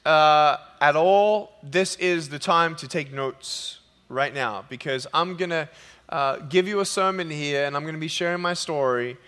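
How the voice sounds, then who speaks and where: A man speaking from a stage in a large hall, telling funny stories in an animated sermon. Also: a little high, a little slow, smooth. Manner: animated, jokey, acts out quotes. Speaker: motivational speaker. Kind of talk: humorous sermon storytelling. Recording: long hall reverb.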